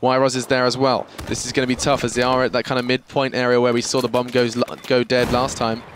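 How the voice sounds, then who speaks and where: A man calls a shooter match live, words tumbling out at a rapid clip. His voice sits in the middle range, and loud gunfire and explosions from the game roar behind him. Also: medium pitch, a little hiss or hum. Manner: excitable, quick, joking banter. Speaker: esports commentator. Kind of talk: live play-by-play commentary.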